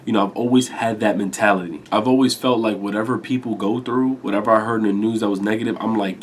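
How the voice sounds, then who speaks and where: A man in his twenties with a congested voice and low energy, talking candidly to camera in a rambling, confessional way and swearing casually. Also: steady tone, fast, hardly any pauses, a little hiss or hum. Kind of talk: candid personal talk.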